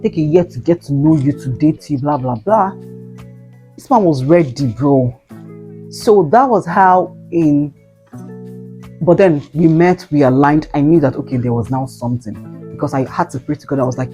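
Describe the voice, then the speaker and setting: A woman in her twenties tells a personal story in a casual, animated way, with slangy exclaiming asides to her viewers. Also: deep voice, moderate pace. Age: 20s. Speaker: vlogger. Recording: faint guitar music behind.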